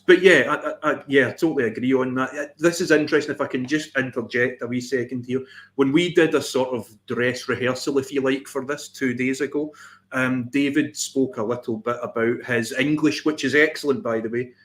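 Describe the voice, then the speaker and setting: A man's voice: mid-range voice, fairly even intonation, a little fast. Male co-host, easygoing, stumbles and repeats words as he talks. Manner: hesitant, repeats words, conversational. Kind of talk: casual chat on a livestream.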